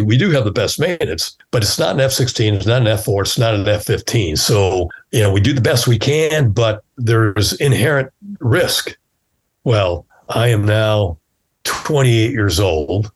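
A man in his sixties tells old flying stories in a loose, conversational way. His voice is low and a bit husky. He jumps into the voices of the people in his tales. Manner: animated storyteller who acts out quoted dialogue. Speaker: guest, former fighter pilot. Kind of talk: casual storytelling interview.

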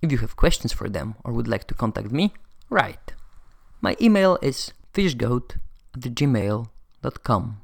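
A man giving a flat, measured announcement. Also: mid-range voice, gravelly, dry recording, studio quality.

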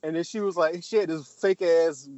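A man rambling through a film recap in loose, profane casual chat and slipping into voices for the characters. His voice sits a bit high and comes through a dull, lo-fi recording. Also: steady tone, moderate pace, a little mellow, no echo.

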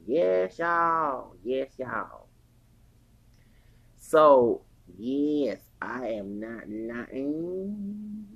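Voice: mid-range voice, very animated, very slow, vocal fry, a bit bright. A person in their forties telling a long story in a casual, rambling rant, swearing heavily and growing heated. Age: 40s. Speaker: podcast host.

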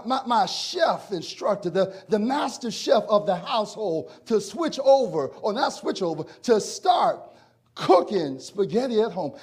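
A pastor delivers his sermon in a husky, fairly high voice. He spins a folksy story and then builds into loud, emphatic preaching.

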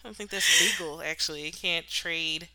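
A woman's voice: sits low, moderate pace, sharp tone, rough recording. A young woman co-hosting a podcast in casual, playful chat full of jokes. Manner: playful, joking. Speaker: podcast co-host.

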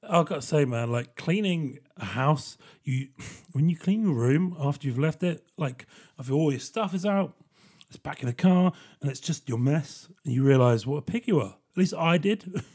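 A man's voice: fairly high pitch, lively intonation, moderate pace, darkish tone, husky. A man hosting a solo comedic podcast, rambling and self-deprecating, with frequent laughs. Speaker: podcast host.

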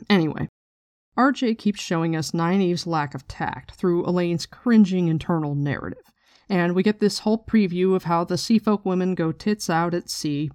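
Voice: mid-range voice, darkish tone, no echo, clean studio sound. A podcast host in a casual book discussion, chatty and irreverent, swearing casually.

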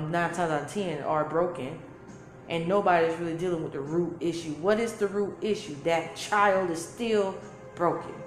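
A woman, giving an emphatic, preachy spiritual talk full of repeated phrases. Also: fairly low pitch. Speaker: spiritual teacher. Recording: echoey room with faint music.

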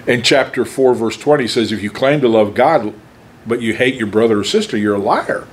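A man preaching a sermon, emphatic and conversational, with pauses between phrases. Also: medium pitch, expressive.

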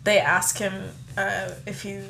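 A woman's voice: medium pitch, flat delivery, takes it slowly, creaky, sharp tone, a little hiss or hum. A woman co-hosting a podcast in casual chat, talking loosely with lots of fillers and frequent laughs. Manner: chatty, laughs often, many fillers. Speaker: podcast co-host.

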